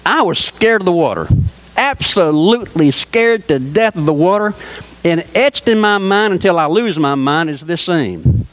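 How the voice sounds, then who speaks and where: Guy preaching, highish voice, storytelling sermon style, keeps asking the church stuff. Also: normal speed, poor audio. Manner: animated storytelling with rhetorical questions to the congregation.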